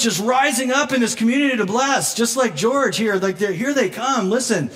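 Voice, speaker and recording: A man preaching a sermon as pastor, conversational and animated, laughing often and acting out quoted voices, moved close to tears at times. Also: very high-pitched, moderate pace, hardly any pauses. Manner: emotional, near tears at moments.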